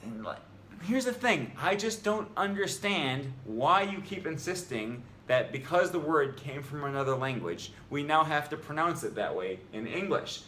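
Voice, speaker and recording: A man's voice: fairly high pitch, sing-song, normal speed, sharp tone. A man making a language video, reading out an article and arguing back against it in an exasperated, argumentative way. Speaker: language vlogger. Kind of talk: reading an article aloud and rebutting it. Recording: roomy echo, faint ambient noise.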